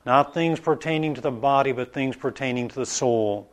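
A man preaching an informal Bible study in a conversational, halting way, with many restarts and asides. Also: mid-range voice. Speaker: pastor.

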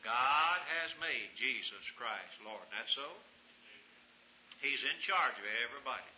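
A man's voice: mid-range voice, animated, unhurried. Male preacher, fervent and dynamic, recorded in an echoey room with hiss. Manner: fervent, swings from hushed to shouting. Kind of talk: sermon.

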